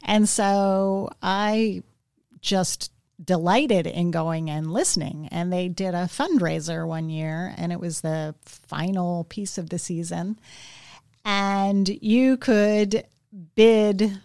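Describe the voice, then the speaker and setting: Woman guest chatting slow and thoughtful, kinda low voice, dry studio sound. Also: darkish tone, clean tone, dry recording. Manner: thoughtful, measured, with fillers. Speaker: interview guest, gallery director. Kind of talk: casual conversation.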